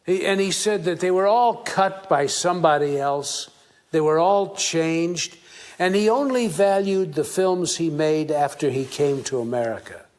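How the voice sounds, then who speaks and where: A man telling a lively anecdote and acting out the dialogue as he goes. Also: on the high side, a little slow. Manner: lively, acts out quoted dialogue. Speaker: storyteller recalling a meeting. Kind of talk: anecdotal storytelling.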